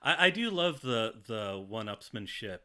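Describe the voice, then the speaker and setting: Lively, bright-voiced man chatting. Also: fairly low pitch, a little slow, smooth. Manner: animated, laughing, acts out quotes. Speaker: podcast co-host. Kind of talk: casual chat.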